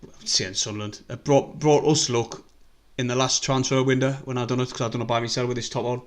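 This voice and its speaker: A man's voice: medium pitch, steady tone, fairly quick. A man with a North East English accent chatting casually and rambling through a live stream as a football fan, swearing freely.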